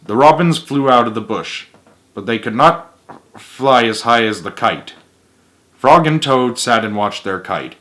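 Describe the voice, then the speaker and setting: A man reads a children's book aloud in a lively, sing-song voice, tossing in playful asides. His pitch rises and falls freely through the narration. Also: a little slow. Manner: animated, with asides to listeners. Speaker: storybook reader.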